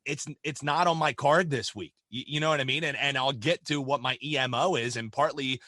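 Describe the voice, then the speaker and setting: A man co-hosting a sports betting podcast, talking in an energetic, casual way and often repeating words as he starts a phrase. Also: medium pitch, a little fast, dry recording. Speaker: podcast co-host.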